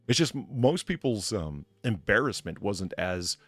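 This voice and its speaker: A man hosting a casual chat, animated and laughing, with frequent restarts. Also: fairly low pitch, measured pace, dry recording. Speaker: host.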